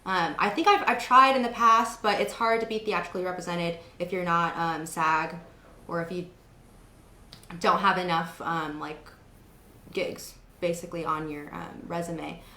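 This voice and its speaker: A woman's voice: fairly low pitch, steady tone, moderate pace, pushed and bright, slight background noise. Chatty young woman in an echoey room. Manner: chatty storytelling with many fillers. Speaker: host. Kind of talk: casual interview chat.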